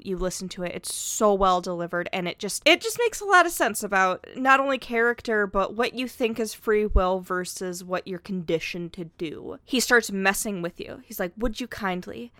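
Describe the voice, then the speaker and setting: A woman in her thirties in a casual chat, telling an animated story and acting out quotes with laughs. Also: medium pitch, no room sound.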